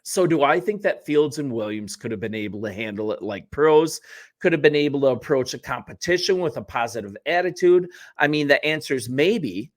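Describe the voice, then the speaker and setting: A man's voice: mid-range voice, lively intonation, fairly quick. A man hosting a sports channel, talking casually to the camera in a chatty, wry way with joking asides and self-corrections.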